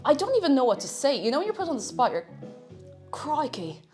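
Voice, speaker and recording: A woman's voice: high voice, sing-song, very fast, a little mellow. A woman live-streaming from her home kitchen, chatting casually as she cooks and reading chat messages aloud. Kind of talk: casual chat while cooking. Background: faint music.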